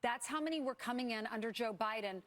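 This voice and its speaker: A woman's voice: fairly high pitch, fast, fairly bright tone. A woman speaking as a TV news commentator, making emphatic rhetorical points.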